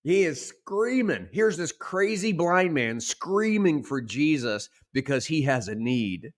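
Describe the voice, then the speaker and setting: A male pastor preaching a sermon in an animated way, acting out the shouted lines he quotes. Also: a little high, slow.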